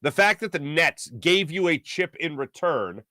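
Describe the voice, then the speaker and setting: A man's voice: unhurried, no room sound. Emphatic, opinionated male sports talk host. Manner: opinionated, emphatic, animated swings in pitch. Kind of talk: solo sports radio monologue.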